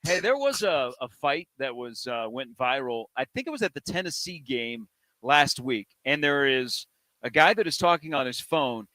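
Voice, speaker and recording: A man's voice: mid-range voice, very animated, moderate pace, sharp tone, dry recording. A man with a Midwestern accent hosting a sports radio show, chatting casually and playfully telling stories. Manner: chatty, jokey, playful storyteller.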